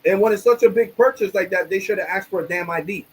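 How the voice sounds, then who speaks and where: A man's voice: sits high, fast talker, slightly rough, low-quality recording. A man ranting angrily on his livestream, swearing often and using casual streetwise slang. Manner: angry, profane ranting.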